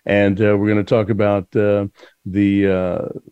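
A man's voice: on the low side, level tone, unhurried, clean tone, no echo, lo-fi sound. Male talk show host, dry sound.

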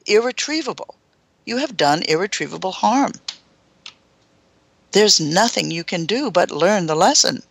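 A woman host recounts a first-hand story dramatically, gasping as her pitch swings widely. Her bright voice has a gravelly edge, and she speaks expressively and unhurriedly with long pauses. The recording has no echo.

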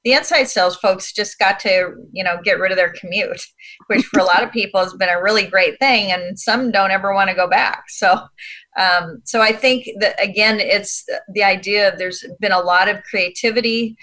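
A woman's voice: mid-range voice, normal speed, sharp tone. A woman speaking as a panel guest on a talk show, thoughtful and loose in her phrasing. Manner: thoughtful, loose with fillers and restarts. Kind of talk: casual discussion.

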